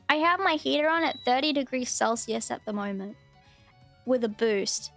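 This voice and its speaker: A woman's voice: sits high, expressive, normal speed, dry recording, faint music behind. A woman with an Australian accent, chatting casually and rambling on a live stream as a VTuber host. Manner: chatty, rambling, repeats herself.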